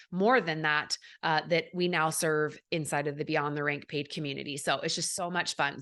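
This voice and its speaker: A woman's voice: lowish voice, a bit bright. A woman hosting a solo podcast, coaching in a chatty, upbeat way with many fillers, acting out the people she quotes. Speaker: podcast host and network marketing coach.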